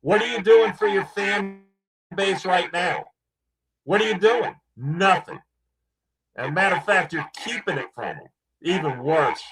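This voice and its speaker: A male co-host giving mocking, showman-style commentary, with his voice dropping low on each stock phrase to the crowd. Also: expressive, unhurried, slightly rough, low-quality recording. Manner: mocking, drops low on "ladies and gentlemen".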